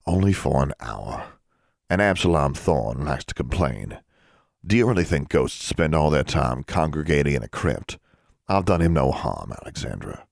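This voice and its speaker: A man voicing a calm, commanding older wizard father who speaks quietly and measured. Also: extremely low pitch, vocal fry, no room sound, clean studio sound, pitched below the performer's own voice, full character voice. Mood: gentle.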